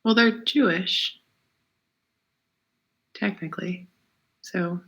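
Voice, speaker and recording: A woman co-hosting a casual chat podcast, talking in a relaxed, reflective way with many fillers. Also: lowish voice, slow. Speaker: podcast co-host.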